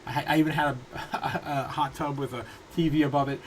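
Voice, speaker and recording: A man in his thirties hosting a casual crypto livestream from his home, rambling through viewer comments with halting restarts and frequent laughs. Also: a little high, level tone, slight background noise, low-quality recording. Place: home room.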